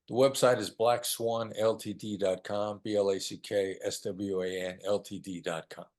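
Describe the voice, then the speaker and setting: A man in his sixties, a negotiation expert guest, giving conversational advice in an emphatic way and repeating key phrases. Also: fairly low pitch.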